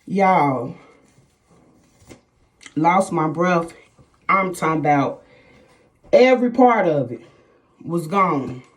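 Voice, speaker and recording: A woman's voice: lowish voice, animated, slow, long pauses. A middle-aged woman vlogger telling viewers a personal story in casual chat, emphatic and repetitive, often calling them "y'all".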